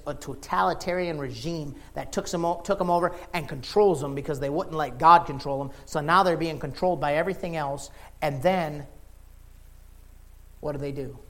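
Impassioned high-voiced man preaching. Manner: swings from quiet talk to impassioned shouting; folksy, informal phrasing. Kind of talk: sermon.

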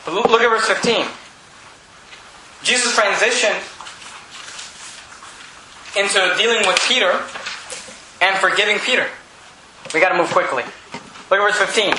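A man preaching a sermon with fervor, rising to shouts and reading scripture aloud. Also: sits high, a little fast, long pauses, very echoey, noisy background. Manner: fervent preaching, rises to shouts, reads scripture in old English.

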